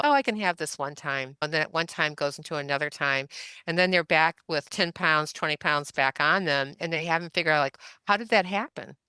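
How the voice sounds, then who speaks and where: A woman's voice: low voice, bright, forceful tone, clean tone, no room sound. A woman in her seventies, a podcast guest telling stories in a chatty, anecdotal way and laughing often. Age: 70s. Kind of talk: casual storytelling interview.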